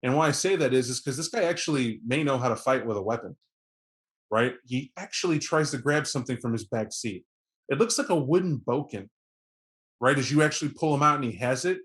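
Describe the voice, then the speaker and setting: A man's voice: mid-range voice, lively intonation, a little fast, a bit bright. A man running a tabletop game, narrating events in a vivid, conversational way with many fillers. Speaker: game master.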